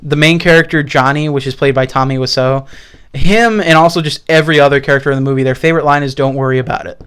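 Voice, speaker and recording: A young man co-hosting a casual podcast, his voice smooth and clear and sitting a bit high. He rambles through stories with fillers and swearing along the way. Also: fast talker, fairly bright tone. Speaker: podcast co-host. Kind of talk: casual chat.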